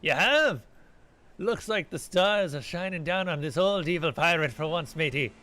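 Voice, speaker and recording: A man's voice: fairly high pitch, animated, moderate pace, sharp tone, soft background music. A man voicing a boastful old pirate ghost. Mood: grim, boastful. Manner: salty pirate talk with "matey" and "me crew". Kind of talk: reading game dialogue aloud in character.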